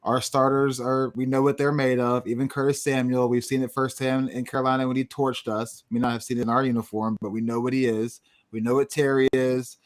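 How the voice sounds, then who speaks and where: A man's voice: medium pitch, level tone, brisk, few pauses. Opinionated male sports panelist. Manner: confident, opinionated. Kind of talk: casual sports chat.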